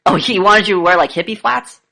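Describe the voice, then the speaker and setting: A woman conducting a comedic interview, pushing with sarcastic, deadpan and provocative questions. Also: medium pitch, a little fast, vocal fry.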